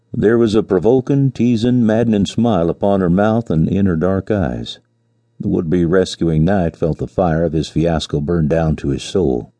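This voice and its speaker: Deep, dark-toned male narrator for a classic story, husky and measured. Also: no echo. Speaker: audiobook narrator. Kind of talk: scripted narration.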